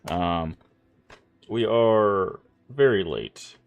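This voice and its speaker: A man's voice: fairly low pitch, expressive, drawn-out words, lo-fi sound. A man streaming a game, talking casually and rambling with many fillers, stuffed up from allergies. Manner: rambling, filler-heavy, apologetic. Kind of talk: casual gameplay stream chat.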